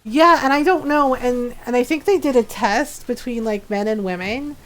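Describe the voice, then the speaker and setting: Woman streamer, slightly high-pitched, rambling storyteller who laughs easily mid-chat. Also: moderate pace. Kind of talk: casual chat while playing a game.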